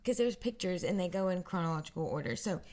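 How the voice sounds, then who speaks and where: A woman's voice: fairly low pitch, expressive, fast, a little mellow. A woman guest casually telling her side of a story in an interview, acting out quotes.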